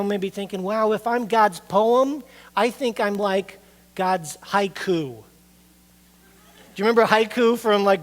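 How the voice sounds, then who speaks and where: A middle-aged pastor with a high-pitched voice preaches a sermon in a conversational, animated way, putting rhetorical questions to the congregation.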